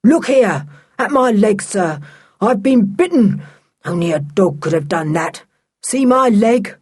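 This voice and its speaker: A man's voice: sits high, lively intonation, measured pace, breathy edge, full character voice. A woman voicing a sullen manservant who rages and complains about being bitten. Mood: outraged. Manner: raging, complaining.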